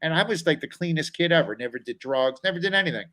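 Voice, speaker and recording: A man's voice: a little high, fast, low-quality recording. A middle-aged man, a comedian guest on a talk show, telling a personal story and acting out the voices of people in it. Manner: animated storyteller, acts out quoted voices.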